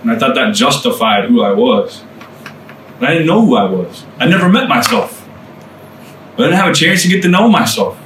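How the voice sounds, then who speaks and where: A man's voice: mid-range voice, big pitch swings, moderate pace, long pauses. A man preaches to a small group in an earnest, conversational tone, dropping casual asides as he goes. He sounds a little far from the mic. The room echoes, and a faint ambient noise hums underneath. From United States. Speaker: speaker sharing testimony.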